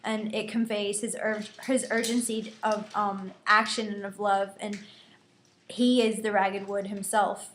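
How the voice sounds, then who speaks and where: A woman's voice: mid-range voice, flat delivery, a little slow, fairly bright tone, slight background noise. A young woman discussing a poem for a class presentation, hesitant with frequent "um"s. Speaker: student analysing a poem. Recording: echoey room.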